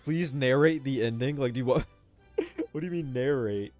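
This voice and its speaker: A man's voice: mid-range voice, moderate pace, a little mellow. A young man live-streaming a video game, chatting casually and profanely and calling everyone "bro.". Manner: chatty and profane, says "bro" constantly, often laughs. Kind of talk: casual gaming commentary. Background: faint game music.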